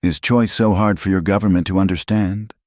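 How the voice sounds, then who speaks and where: A man's voice: deep voice, steady tone, fairly quick, a little mellow, dry recording, clean studio sound, voice pushed up, natural voice. A man voicing a proud, determined frontier woman who speaks firmly and defiantly in a storybook tale. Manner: firm, defiant.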